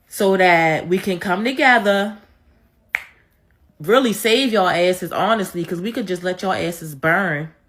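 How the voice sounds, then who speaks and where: A woman's voice: fairly low pitch, a bit bright. A woman giving a blunt, profane rant, repeating her points with emphasis. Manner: repetitive, emphatic. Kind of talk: ranting commentary.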